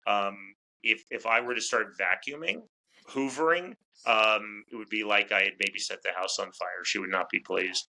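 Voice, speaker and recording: A man talking as a guest in a casual interview, chatty and quick to restart his words. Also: lowish voice, creaky, pushed and bright, poor audio. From United States. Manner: talkative, repeats words as he restarts. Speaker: fight commentator, interview guest.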